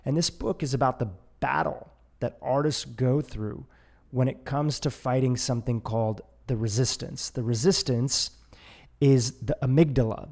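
A man's voice: medium pitch, creaky. Casual solo podcast host, a man. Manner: casual, self-correcting, animated when voicing inner doubts.

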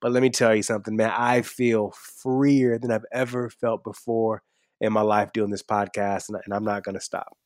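A man's voice: fairly low pitch, flat delivery, moderate pace, darkish tone, dry recording, studio quality. A man speaking as a podcast guest in a casual, earnest and enthusiastic way, repeating words when he is emphatic. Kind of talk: casual interview talk.

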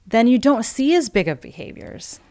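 A woman working as a parenting coach talks through a case in an interview setting. She is animated and acts out each exchange with the parents as she tells it. Her speech is loose and conversational, full of "um" and "like.". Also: on the high side, normal speed. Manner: animated storyteller who acts out quoted dialogue, with frequent "um" and "like". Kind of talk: podcast interview storytelling.

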